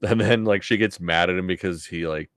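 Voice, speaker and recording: Low, dry-voiced swearing podcast man. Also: fairly quick, fairly bright tone, no echo. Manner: laid-back, swears a lot, laughs often. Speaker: podcast co-host. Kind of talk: casual chat.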